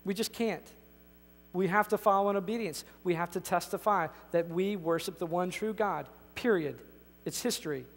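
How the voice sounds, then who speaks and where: A man's voice: high-pitched, normal speed. A man preaching a sermon as pastor, emphatic and conversational, often restarting his sentences. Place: church sanctuary. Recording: reverberant church hall.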